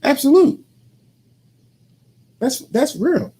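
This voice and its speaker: A man co-hosting a casual couple's talk show, arguing his side with animated, teasing energy and acting out what others say. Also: extremely high pitch, extremely slow. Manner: animated, argumentative and teasing, quoting people in changed voices. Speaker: co-host.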